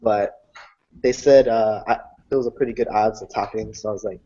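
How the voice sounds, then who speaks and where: A man's voice: fairly low pitch, brisk. A young man in casual chat, animatedly recounting card game matches, swearing freely and acting out what people said. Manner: animated storytelling, swears freely, acts out quotes. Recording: dull lo-fi sound.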